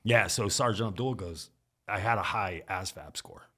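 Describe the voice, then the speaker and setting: A man's voice: fairly low pitch, normal speed. A middle-aged man telling service stories in casual chat, acting out what others said. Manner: animated storyteller acting out quotes. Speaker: podcast guest. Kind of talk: casual storytelling.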